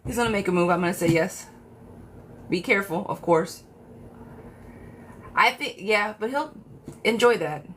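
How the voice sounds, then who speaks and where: A woman's voice: medium pitch, lively intonation, moderate pace, long pauses, fairly bright tone, slight background noise. Chatty woman giving a live tarot reading. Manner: chatty, affectionate, talks straight to viewers by name. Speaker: tarot reader hosting a live stream.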